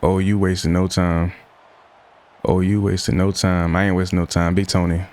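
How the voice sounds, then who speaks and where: A man's voice: sits low, level tone, moderate pace, darkish tone. A young man giving casual, slangy gameplay commentary, often frustrated as he plays. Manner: frustrated, slangy, self-talk while playing. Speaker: gaming YouTuber.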